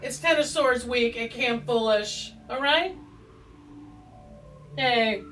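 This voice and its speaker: A woman's voice: a little high, takes it slowly, a bit bright, recorded from a distance, low-quality recording. A woman hosting a tarot video, chatting in a rambling, joking, self-deprecating way with plenty of asides. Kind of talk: rambling casual chat. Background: faint background music.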